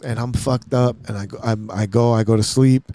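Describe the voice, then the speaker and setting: A man hosting a podcast, telling a long story in casual talk, swearing often and acting out his own lines in a hushed voice. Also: mid-range voice, fairly even intonation, brisk, no room sound. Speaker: podcast host. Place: podcast studio.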